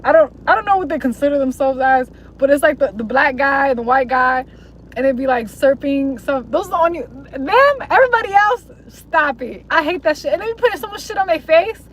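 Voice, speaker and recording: A woman's voice: high-pitched, animated, a little fast, rough recording. A young woman live streaming, chatting casually to her viewers in a rambling, slangy way with plenty of swearing. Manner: rambling, slangy and profane, mocking voices. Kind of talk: casual livestream chat to viewers.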